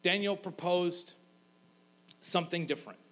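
A man gives a sermon in a relaxed, chatty way, joking as he goes. His voice sits a little high, and he breaks into voices for the people he talks about. A faint mains hum runs underneath. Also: unhurried. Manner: casual, joking storyteller who acts out voices. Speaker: pastor.

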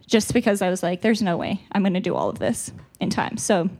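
This retreat speaker's voice sits low and darkish, moving quite quickly with wide swings in pitch. She's a South African woman giving conversational church teaching, stuffy-nosed, frank and talkative, occasionally laughing at her own expense.

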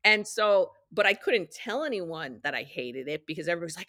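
Low-voiced middle-aged woman telling stories. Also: lively intonation, fast talker, hardly any pauses, bright, forceful tone, no echo, clean studio sound. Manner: chatty, acts out quoted dialogue in her anecdotes. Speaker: interview guest, studio executive. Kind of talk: casual storytelling interview.

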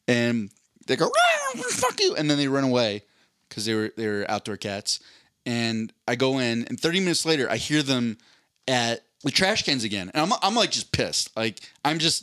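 Animated, profane man telling a story. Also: medium pitch, no echo, studio quality. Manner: profane, animated, acts out voices in his story. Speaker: podcast co-host. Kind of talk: casual storytelling chat.

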